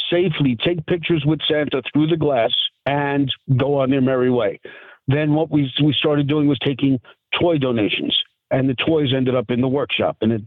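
A man's voice: mid-range voice, dry recording. Middle-aged man, chatty guest storyteller, dry tinny phone-line sound. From New York. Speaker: guest, part-time Santa and lawyer.

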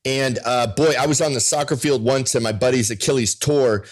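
A man's voice: medium pitch, a little fast. A man co-hosting a sports podcast, teasing his friend in casual, laughing banter. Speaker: sports radio co-host.

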